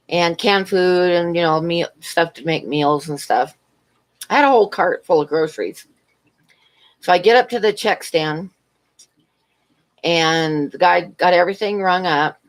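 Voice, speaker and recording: Chatting on her livestream, a middle-aged host with a rather low voice rambles through an extended personal tale full of asides. Every so often she breaks off to welcome viewers and respond to their questions in the chat.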